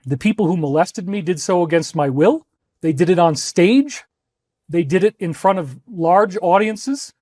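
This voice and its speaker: A man with a high voice speaks with fervent emphasis and often repeats a phrase to drive it home. He addresses his listeners directly, as if giving a talk. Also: a little mellow, no room sound, studio quality. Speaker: speaker in archived clips. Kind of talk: impassioned talk to viewers.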